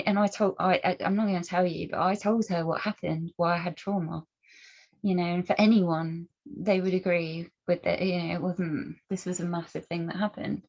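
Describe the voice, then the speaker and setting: Speaking at normal speed with fairly even intonation, this low, slightly mellow female voice belongs to a campaigner addressing the camera earnestly. Her personal commentary and storytelling are full of pointed rhetorical questions and restarted sentences, and the recording is dull and lo-fi.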